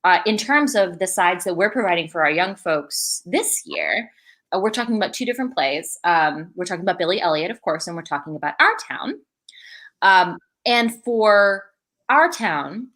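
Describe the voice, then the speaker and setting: A woman's voice: mid-range voice, lively intonation, normal speed, fairly bright tone. A woman, an associate director, chatting casually in an online video, with many fillers and laughs. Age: adult.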